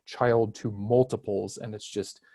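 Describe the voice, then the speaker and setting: Man, 30s, podcast guest: mellow, warm tone, rambling and reflective, self-deprecating. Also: on the low side, fairly even intonation, a little slow, breathy edge. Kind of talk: casual conversational interview.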